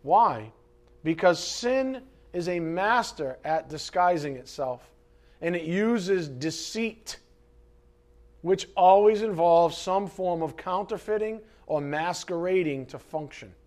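Male preacher with a fairly high voice, delivering a dramatic sermon that swings between loud emphasis and hushed asides. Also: expressive, slow pace. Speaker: pastor.

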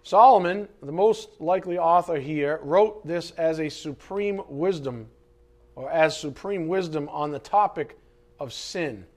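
A man preaching a sermon, dramatic, swinging from loud emphasis to hushed asides. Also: fairly high pitch, measured pace. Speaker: pastor.

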